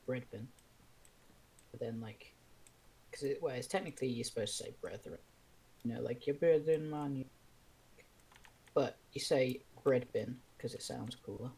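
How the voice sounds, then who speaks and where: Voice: medium pitch, moderate pace, gravelly, pauses often, darkish tone. A gamer chatting casually with friends while playing, sweary, joking and rambling. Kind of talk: casual gaming chat.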